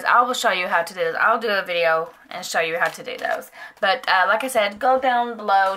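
A woman's voice: medium pitch, bright, forceful tone. A woman vlogger chatting casually as she unboxes nail supplies, gushing and rambling with lots of fillers. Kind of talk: casual product unboxing chat.

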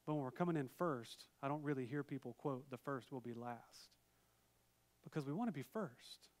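A male pastor, probably in his thirties, preaching a sermon in a relaxed, conversational way with personal stories and asides. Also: mid-range voice, moderate pace. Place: church sanctuary, virtual service.

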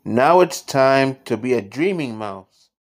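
A gentle mother mouse from a bedtime storybook, speaking softly and calmly, as a man reads her lines. Her words come slow and soothing, close to the reader's own voice. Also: medium pitch. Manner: soft, calm.

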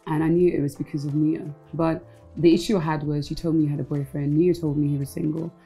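A woman's voice: low voice, flat delivery, quick pace, creaky, mellow, faint music behind, poor audio. A woman, a former reality show contestant, talking frankly in a casual interview and slipping Igbo phrases into her English.

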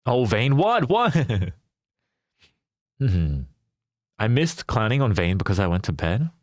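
A man's voice: fairly low pitch, sing-song, takes it slowly, pauses often, dry recording, studio quality. A young man live-streaming a game, chatting casually and animatedly with his viewers and laughing often.

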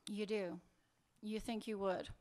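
A man's voice: sits high, little pitch movement, measured pace, darkish tone, a little hiss or hum. A man reading fiction aloud, voicing a weary, sarcastic woman who keeps brushing off her lover in a dry, teasing way. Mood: wry.

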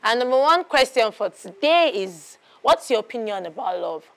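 A woman's voice: a little high, big pitch swings, normal speed. A woman playing a chatty talk show host. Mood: upbeat. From Nigeria. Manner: chatty, repetitive presenter patter. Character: bubbly young female TV talk show host. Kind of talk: Nigerian film acting.

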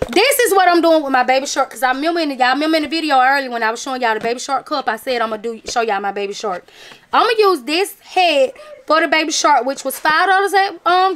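A chatty woman with a bright, high voice talks straight to her viewers, calling them y'all. Her talk is casual and emphatic. Faint noise sits under the recording. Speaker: vlogger showing a craft haul. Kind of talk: casual chat to camera.

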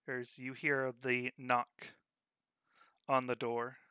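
Slow-talking man running a tabletop game. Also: mid-range voice, little pitch movement, bright, forceful tone, smooth, no echo, clean studio sound. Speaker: game master.

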